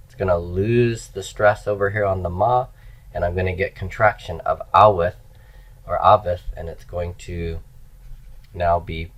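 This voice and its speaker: A deep-voiced middle-aged man lecturing on grammar at an unhurried pace. He walks through each form patiently and pauses to ask if the class is following. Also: fairly bright tone, lo-fi sound. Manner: explanatory, checks in with listeners. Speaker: language teacher.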